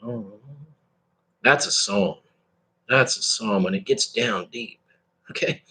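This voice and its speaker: Husky man musing in a rambling monologue. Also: on the low side, sharp tone. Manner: meandering, halting, with bits of sung lyric and laughter. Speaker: vlogger.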